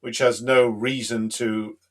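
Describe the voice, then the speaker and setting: A man's voice: mid-range voice, little pitch movement, slow pace. A man hosting a live political stream, talking in an emphatic, combative way with frequent fillers. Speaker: host of a political livestream.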